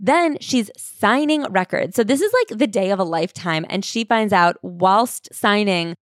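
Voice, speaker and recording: A woman co-host telling a story in a casual, animated way, with the odd swear word. Her voice sits at a middling pitch, and the recording is dry and close, with no room sound. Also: normal speed, dry recording. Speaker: podcast co-host. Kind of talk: casual book-club chat.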